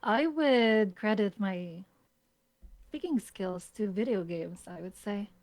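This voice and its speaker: A woman's voice: mid-range voice, expressive, takes it slowly, darkish tone, dry recording. A woman from the Philippines, a guest on a casual stream chat, easygoing and teasing, dropping in frequent short agreements.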